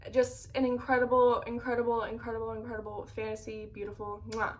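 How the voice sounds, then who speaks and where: A young woman in a casual book vlog, reacting with animated, dramatic bursts of mock outrage. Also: on the high side, fast talker. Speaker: book vlogger.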